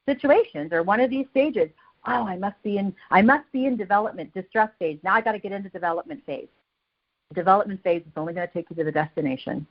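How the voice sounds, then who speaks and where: A woman guest speaker on a video team call, giving an energetic motivational talk and repeating phrases for emphasis. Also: mid-range voice, lo-fi sound.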